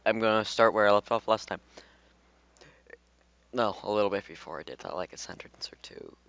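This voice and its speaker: A man's voice: on the low side, normal speed, gravelly, fairly bright tone, no echo. A man reading fan fiction aloud in a casual way, breaking off into rambling, swearing asides. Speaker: fan fiction reader and YouTuber. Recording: dull, dry home recording.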